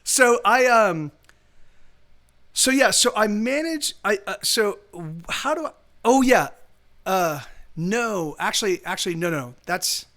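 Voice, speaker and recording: Here the streamer's high voice is expressive but slow, with a sharp tone. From his home setup, he rambles through a long story casually, frequently starting sentences over and cursing along the way.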